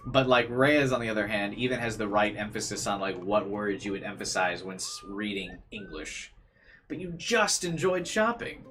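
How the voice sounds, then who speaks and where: A man's voice: lowish voice, little pitch movement, normal speed, few pauses, a bit bright, a little hiss or hum. A man casually commenting on a visual novel game and reading its lines aloud, amused and chatty.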